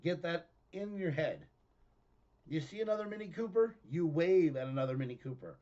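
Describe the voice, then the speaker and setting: Man hosting a home web show, high animated delivery, lo-fi sound. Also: normal speed. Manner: animated, excitable, often laughing. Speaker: host of his own online show. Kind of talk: excitable ranting monologue.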